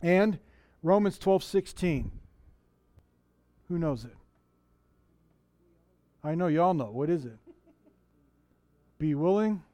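A middle-aged male pastor speaks slowly, with long pauses, in a relaxed conversational sermon at church. He frequently restarts sentences and asks the congregation questions, his voice slightly high for a man, recorded close and dry with little room echo.

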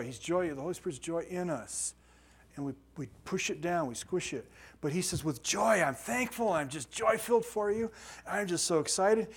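A middle-aged man, a pastor, teaching a bible study in a conversational, joking way and asking his group questions. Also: on the high side. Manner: conversational, jokey, asks the audience questions.

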